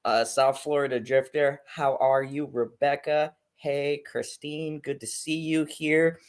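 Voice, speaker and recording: A man's voice: on the high side, flat delivery, a little slow. A young man hosting a casual livestream chat, hyped and joking as he reads the chat aloud. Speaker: host.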